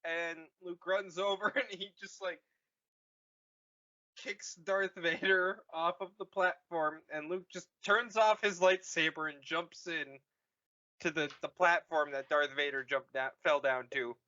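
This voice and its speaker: Profane rambling podcast host, man, bright voice, dull lo-fi recording. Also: a little high, steady tone, measured pace. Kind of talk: casual movie recap.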